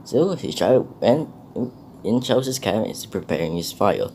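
A man narrates a homemade storybook tale, sometimes stumbling and restarting. His voice is fairly low but moves around a lot in pitch. A faint hiss runs underneath. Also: big pitch swings, normal speed, warm tone, low-quality recording. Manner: hesitant, with restarts.

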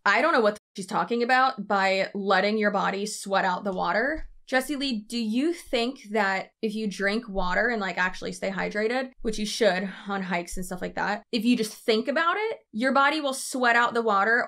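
Woman, reaction commentary, sarcastic, blunt, mid-pitched voice. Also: fairly bright tone. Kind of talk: casual commentary.

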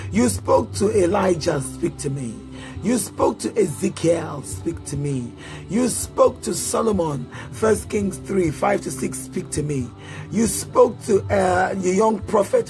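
A man's voice: high-pitched, darkish tone. A man preaching and leading prayer, chanting declarations in a sing-song rhythm and prompting listeners to repeat after him. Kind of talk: sermon prayer.

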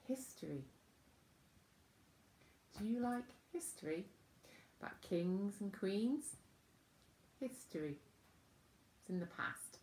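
A woman teaching children school signs, gentle and patient, naming each word with pauses. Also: on the low side, gravelly, echoey room. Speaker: children's sign language presenter. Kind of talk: slow teaching talk to children.

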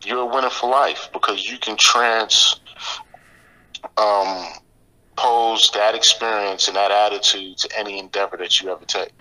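A man's voice: fairly low pitch, steady tone, moderate pace, bright, forceful tone, poor audio. A middle-aged man speaking as a podcast guest, reflective and motivational, with frequent filler phrases. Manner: reflective, motivational, many "you know" fillers. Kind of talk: casual interview talk.

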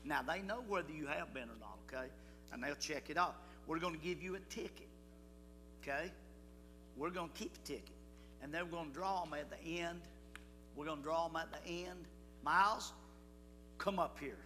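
Older guy rallying a bunch of kids at bible school, high bright voice, hall echo. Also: normal speed, pauses often. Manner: folksy, coaxing, calls out to the crowd. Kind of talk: leading a children's church assembly. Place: church hall. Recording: hall reverb with music.

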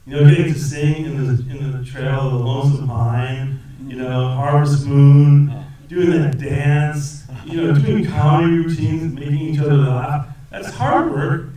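Animated man in an echoey theater. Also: a little high, unhurried. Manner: rambling, animated, laughs often. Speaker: actor guest at film Q&A. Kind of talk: conversational Q&A answers. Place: cinema auditorium. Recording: echoey theater from a distance with audience.

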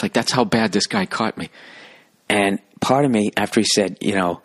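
Husky, lowish man in his forties, sweary podcast rant, plays every part of the story himself. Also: steady tone, fairly bright tone, no room sound, clean studio sound. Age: 40s. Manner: fast, sweary, acts out both sides of a story. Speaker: podcast host. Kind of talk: profane comic rant.

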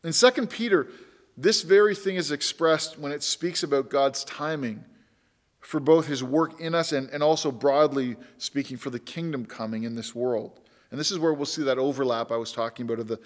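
Pastor guy preaching, kinda high voice, earnest, repeats stuff, big reverby church sound. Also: normal speed. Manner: earnest, emphatic, repeats key words. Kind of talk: sermon. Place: church sanctuary.

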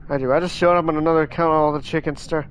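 A man streaming a game live, chatting in a rambling, excitable way and scolding his chat, with many restarts. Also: on the high side, very fast, slight background noise.

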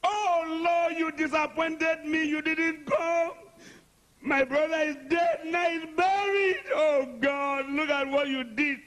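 A man's voice: very high-pitched, fairly even intonation, slow pace, fairly bright tone, voice pushed up, full character voice, rough recording. A man voicing a grieving woman who pleads with her lord in tears. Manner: wailing, pleading.

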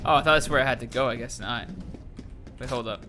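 A man's voice: medium pitch, quick pace, faint music behind. A young man giving casual let's-play commentary, talking to himself and viewers, yelping and laughing as he plays. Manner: excitable, talks to himself and viewers while playing, yelps and laughs. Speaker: gaming YouTuber.

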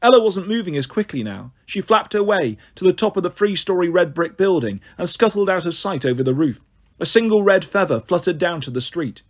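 A man narrating an audiobook in a steady reading voice, now and then stumbling on a word. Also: sits high, brisk. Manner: steady, occasionally stumbles on words.

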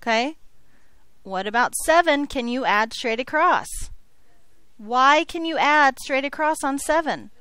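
This algebra teacher's high-pitched voice is animated, bright, and forceful, moving at a measured pace in a dry recording. During her classroom lecture she jokes with the students and keeps checking in with "okay?"

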